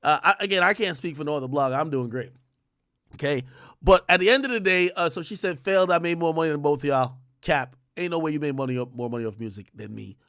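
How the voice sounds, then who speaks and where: A man hosting a livestream, ranting in a profane, confrontational, rapid-fire way. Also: fairly high pitch, lively intonation, sharp tone, no room sound, clean studio sound. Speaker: livestream host. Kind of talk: heated livestream rant.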